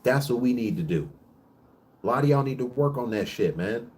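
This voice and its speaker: A man's voice: medium pitch, lively intonation, darkish tone. Profane, preachy man ranting on camera. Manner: rapid bursts with frequent restarts. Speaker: vlog host. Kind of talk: casual monologue rant.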